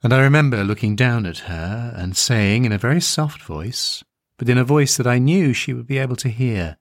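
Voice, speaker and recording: A man narrating a first-person story in a slow, tender, reflective way. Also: medium pitch, lively intonation, no room sound, clean studio sound.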